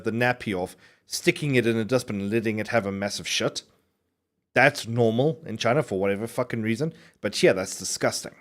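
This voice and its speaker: A man streaming a game and chatting casually. He rambles with many restarts, swears freely and speaks with clear enunciation. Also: medium pitch.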